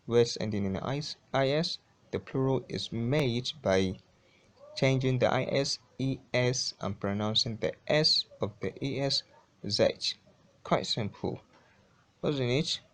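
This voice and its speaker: A man teaching English pronunciation, saying each word slowly and repeating it several times. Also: mid-range voice, fairly bright tone. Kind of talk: pronunciation lesson.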